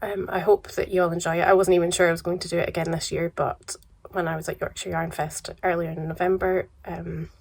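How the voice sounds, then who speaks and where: Croaky Scottish woman chatting to camera. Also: on the low side, brisk, few pauses. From Scotland. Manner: relaxed, chatty, trailing off into soft asides. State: croaky from a cold. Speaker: yarn dyer vlogger. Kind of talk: casual chat to camera.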